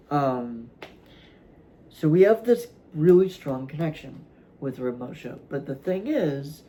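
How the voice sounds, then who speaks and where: A man hosting his own vlog, talking casually to camera from a room at home, halting and rambling with many fillers and restarts, yawning at times. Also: a little high, warm tone, rough recording. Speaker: vlog host.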